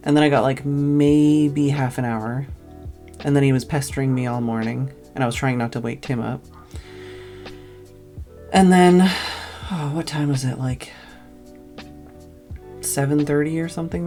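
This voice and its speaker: A woman's voice: a bass voice, fairly even intonation, a little slow, long pauses, dark tone, faint music behind. A tired woman streamer telling a long, casual story, rambling and full of "like" fillers.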